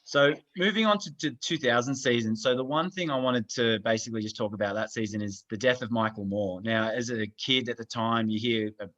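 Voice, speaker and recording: A man's voice: medium pitch, a little fast, hardly any pauses, fairly bright tone. Hesitant young male interviewer. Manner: hesitant, filler-heavy questions. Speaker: interviewer, host. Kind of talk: podcast interview. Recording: dull lo-fi sound.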